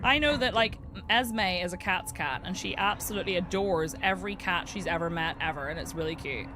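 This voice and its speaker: A woman's voice: lowish voice, fairly quick, background noise. A woman, chatting and telling stories while streaming a game, laughing often. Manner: chatty storyteller, animated, laughs a lot. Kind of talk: casual chat while playing a game.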